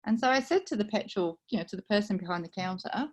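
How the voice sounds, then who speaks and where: Brief: middle-aged British woman with a slight Aussie twang, soft-spoken storyteller, talking over a video call. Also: medium pitch, lively intonation, fast talker. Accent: British with a slight Australian twang. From United Kingdom. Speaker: guest speaker. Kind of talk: personal story for a speaking club.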